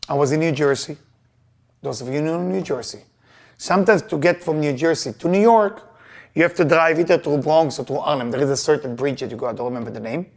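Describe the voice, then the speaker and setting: Emphatic male Kabbalah teacher, loose grammar, a touch high, storytelling before a live class. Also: brisk. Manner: emphatic, animated, loose non-native grammar. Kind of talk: lesson with personal storytelling.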